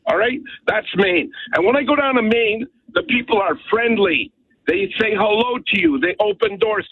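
A man's voice: high voice, normal speed, breathy edge, no echo. A man from Montreal calling in to a radio show, ranting emphatically and rambling, often asking "okay?". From Montreal, Canada. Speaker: caller. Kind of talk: call-in radio rant. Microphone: telephone. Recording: tinny dry phone line.

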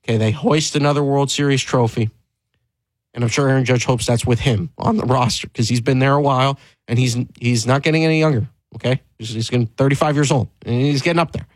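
A man's voice: medium pitch, steady tone, fast, dry recording, low-quality recording. A man hosting a sports talk show, speaking emphatically and candidly, pressing his points with rising stress and frequent restarts.

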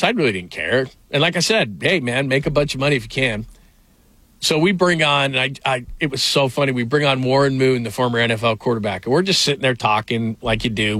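A middle-aged man hosts a sports radio show, spinning rambling stories full of fillers, restarts, and frequent laughter in casual sports talk. His mid-range voice has a fairly bright tone, with no echo.

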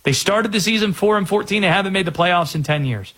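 A man's voice: high voice, a bit bright, breathy edge. A man from North Carolina hosting a sports talk radio show, talking in a conversational, emphatic way. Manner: conversational, emphatic, drawn-out phrasing.

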